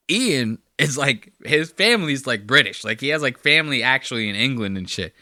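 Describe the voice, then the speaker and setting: Profane, animated man with a tense edge. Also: medium pitch, brisk, hardly any pauses, no echo, clean studio sound. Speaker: podcast host. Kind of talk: casual reaction commentary.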